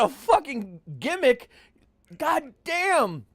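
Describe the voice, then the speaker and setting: A podcast host, a man in casual chat, rants with constant swearing. His pitch swings widely and his delivery is animated. The sound is dry and close. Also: normal speed, no room sound. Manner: profane, animated ranting.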